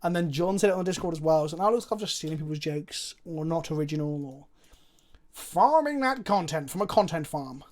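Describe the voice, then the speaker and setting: A man's voice: fairly high pitch, animated, a little fast, a little mellow. A man streaming a card game, commentating his plays casually, chatty and thinking aloud, with frequent swearing.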